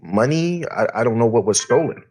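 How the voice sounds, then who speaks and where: A man voicing a male wrestler who defends himself in a rushed, defensive way. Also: medium pitch, expressive, darkish tone, lightly acted. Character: wrongly accused male wrestler.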